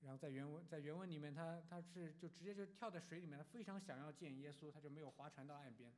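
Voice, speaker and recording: A man interpreting a sermon phrase by phrase, quick and halting, with fillers. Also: on the high side, a little mellow, a little hiss or hum.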